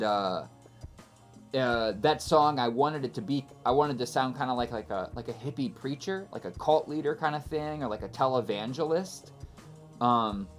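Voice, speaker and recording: Male musician, loose rambling commentary, pokes fun at himself, faint music bed behind. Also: mid-range voice. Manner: rambling, self-deprecating, lots of fillers and restarts. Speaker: musician giving album commentary. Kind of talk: casual spoken commentary. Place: recording studio.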